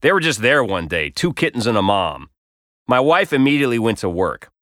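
A man's voice: medium pitch, sing-song, brisk, a bit bright, dry recording. A man reading his own comic story aloud with wry, dry humor. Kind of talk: scripted narration.

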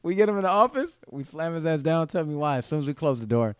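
Animated swearing man telling stories. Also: a little high, quick pace, clear, resonant tone, no echo, clean studio sound. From Los Angeles. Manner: animated, swears a lot, acts out shouting characters. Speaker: podcast guest, comedian. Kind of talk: casual storytelling.

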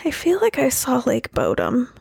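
A woman co-hosts a casual chat podcast while recovering from illness, so her slightly high voice comes out gravelly and rough. She rambles, restarts and jokes about herself. The sound is dry and close. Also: wildly swooping pitch, normal speed, a little mellow, no room sound. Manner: self-deprecating, rambling with restarts. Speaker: podcast co-host.

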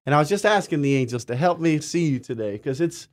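A man's voice: fairly high pitch, animated, fast. A man co-hosting a spiritual talk show, telling earnest, rambling personal stories in casual chat.

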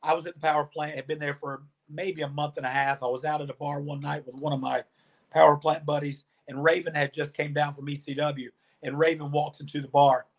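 Guy with a slightly high voice on a podcast, tells stories fast and animated, plays out the dialogue bits himself. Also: creaky. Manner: animated storyteller, acts out quoted dialogue. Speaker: podcast guest, former pro wrestler. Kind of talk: storytelling interview answers.

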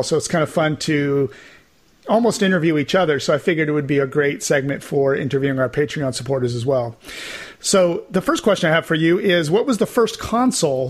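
Chatty man co-hosting a podcast. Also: a little high. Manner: chatty, laughs often, many restarts. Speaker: podcast co-host. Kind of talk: casual chat and interviewing.

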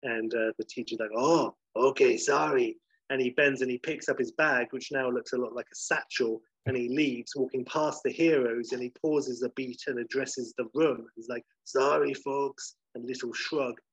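A man's voice: medium pitch, steady tone, moderate pace, hardly any pauses, fairly bright tone, husky, dry recording. A man casually talking through a comedy scene, rambling with lots of "like" and "you know". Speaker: storyteller pitching a comedy scene. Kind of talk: casual spoken storytelling. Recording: slightly dull lo-fi recording.

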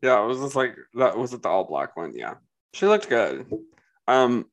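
A man's voice: medium pitch, sing-song, moderate pace, lo-fi sound. A man co-hosting a casual podcast, rambling with lots of fillers and giving blunt opinions. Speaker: podcast co-host. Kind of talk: casual chat.

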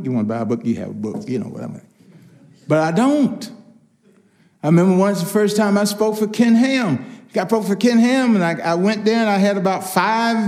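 An older man preaching a personal testimony, telling stories with lively quoted voices. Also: fairly high pitch. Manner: animated storytelling, acts out quoted voices. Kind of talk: testimony sermon.

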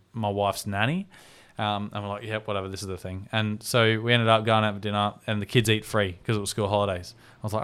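A man's voice: on the low side, clean tone. A man in his thirties, a podcast co-host, telling a story casually, swearing freely and acting out the people he quotes. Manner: animated, swears freely, acts out quoted voices.

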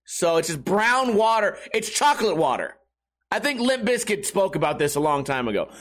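A young man hosts a solo podcast, riffing on whatever comes to mind with crude, self-mocking humor. His voice sits high and swings widely in pitch as he rambles. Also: very animated, normal speed, fairly bright tone. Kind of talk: solo comedic monologue.

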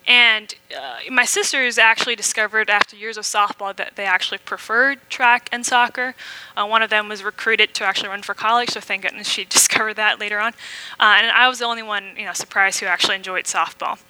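A woman's voice: mid-range voice, fairly even intonation, a little fast, pushed and bright, clean tone, no echo, low-quality recording. A young adult woman from Malaysia, giving a candid, conversational sermon with frequent ums. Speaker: preacher. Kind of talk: personal sermon with slides.

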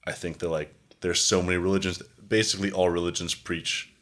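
A man's voice: sits low, level tone, a little fast, a bit bright. A young man co-hosting a podcast in casual chat, rambling with lots of filler words and cheerful swearing. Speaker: podcast co-host.

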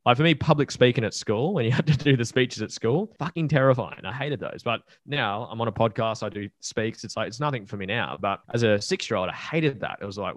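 A man's voice: medium pitch, no room sound. A man talking casually on a podcast, blunt and rambling, swearing freely as he explains things. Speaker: podcast guest.

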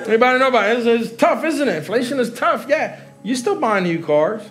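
A man's voice: very high-pitched, lively intonation, a little fast, fairly bright tone. A middle-aged man preaching live as pastor in a large church hall, joking with the congregation and laughing. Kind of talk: sermon.

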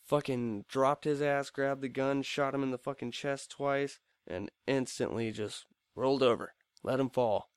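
A man's voice: medium pitch, fairly even intonation, a little slow, few pauses, clear, resonant tone, no room sound, clean studio sound. A young man co-hosting a casual movie review podcast, blunt and joking with constant swearing. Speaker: podcast co-host.

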